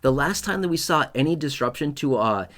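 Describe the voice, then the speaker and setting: A man's voice: a little high, expressive, a little fast, fairly bright tone. A man hosting an online explainer about retirement benefits, speaking straight to his viewers in an emphatic, repetitive way and often checking in with "okay?". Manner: speaks straight to viewers, addressing their comments. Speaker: YouTube host on retirement benefits. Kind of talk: direct-to-camera explainer talk.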